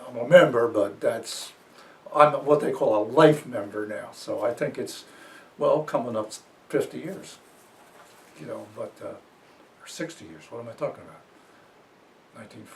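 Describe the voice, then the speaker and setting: A man's voice: medium pitch, unhurried, long pauses, recorded from a distance, a little hiss or hum. A man in his eighties from New Jersey, telling old stories in a rambling, chuckling way during an interview. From New Jersey, USA. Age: 80s. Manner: rambling storyteller, fillers and chuckles. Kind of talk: reminiscing interview.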